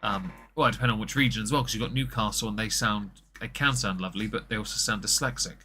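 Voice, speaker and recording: A man's voice: fairly low pitch, fast, pushed and bright, a little hiss or hum. Posh southern English man, wry and chatty. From southern England. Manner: chatty, wry, stammers now and then. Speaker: podcast co-host. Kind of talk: casual political commentary chat.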